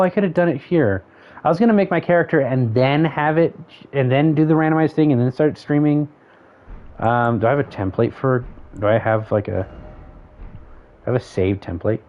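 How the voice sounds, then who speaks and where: Rambling male streamer, lo-fi audio. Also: fairly high pitch. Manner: rambling, thinking aloud, counting options under his breath. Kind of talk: casual gameplay commentary.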